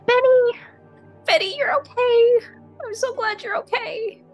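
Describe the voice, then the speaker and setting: A woman voicing a little girl who calls out in a high, urgent, pleading voice. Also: steady tone, measured pace, faint music behind. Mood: overjoyed. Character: worried little girl seeking lost dog.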